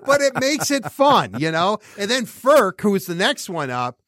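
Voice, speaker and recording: A man with a fairly high voice hosts a casual sports podcast. He rambles and restarts his sentences often, and the sound is dry and close. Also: big pitch swings, moderate pace, fairly bright tone, no echo. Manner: rambling, many restarts, laughs while talking. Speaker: podcast host.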